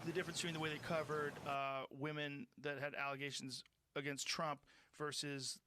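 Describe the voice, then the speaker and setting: A man's voice: on the high side, level tone, moderate pace, no room sound. A man in casual chat, riffing with strong, profane opinions. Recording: loud background noise.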